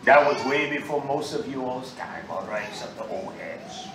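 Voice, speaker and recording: A man preaching a sermon to a congregation in a loose, animated street style, with sudden loud outbursts and asides. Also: medium pitch, normal speed, very noisy. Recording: roomy echo, mic far off, faint ambience.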